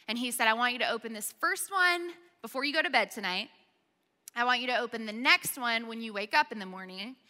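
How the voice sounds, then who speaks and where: A young woman gives a sermon in a chatty, conversational way, her high, very bright voice ringing through a reverberant church hall. She keeps checking in with her listeners. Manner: chatty storytelling, frequent "okay?" and "like". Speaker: speaker at a college ministry gathering.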